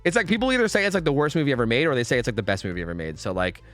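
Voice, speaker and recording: A young man streaming a game live, chatting with his viewers in a profane, excitable, rambling way. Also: mid-range voice, very fast, faint music behind. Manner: rambling with frequent restarts and fillers. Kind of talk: casual live-stream chat while gaming.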